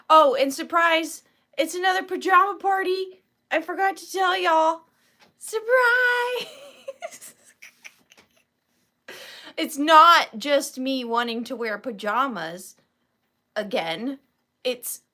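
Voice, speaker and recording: A woman's voice: high-pitched, bright, forceful tone. A woman, hosting a casual live sale stream from home, playful and giggly, greeting viewers by name.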